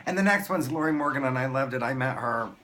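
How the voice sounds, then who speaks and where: A man telling a story to camera in a casual vlog, excited and gushing, often restarting his sentences. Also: medium pitch, quick pace, a little hiss or hum. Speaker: vlogger.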